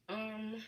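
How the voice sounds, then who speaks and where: A young woman from Chicago with a Chicago accent, chatting casually with a live chat, reading out questions and laughing. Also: medium pitch. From Chicago, USA. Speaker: vlogger answering live chat.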